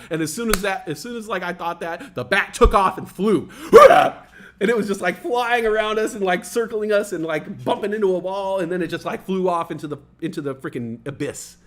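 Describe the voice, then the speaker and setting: A young man chats on his stream, telling a story in a loose, rambling way. His voice sits a little high, and he leans on fillers while he acts out what other people said. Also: animated, brisk. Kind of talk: casual storytelling chat.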